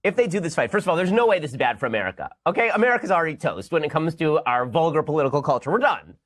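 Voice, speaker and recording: Fast, mocking male commentator. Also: a little high, very animated, fairly bright tone. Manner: fast, mocking, bursts of laughter. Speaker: political commentator host. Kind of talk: sarcastic news commentary.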